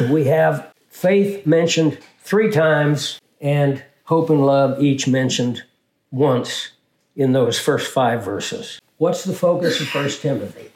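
An older man teaching scripture as a pastor, his voice set a bit higher than most men's. He talks in a measured way and keeps asking questions and answering them himself. The room around him rings with a noticeable echo. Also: a little mellow. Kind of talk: Bible teaching.

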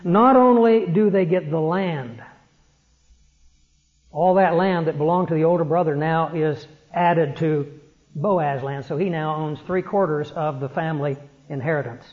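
A man preaching a sermon in an earnest way, slowing down to stress his points. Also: a little high. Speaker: pastor. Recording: dull lo-fi sermon recording.

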